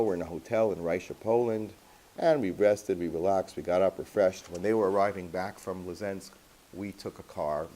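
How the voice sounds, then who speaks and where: A rabbi with a low, mellow voice tells a personal story to his class. He talks in a lively, anecdotal way and drops Yiddish and Hebrew words along the way. He sounds relaxed and conversational.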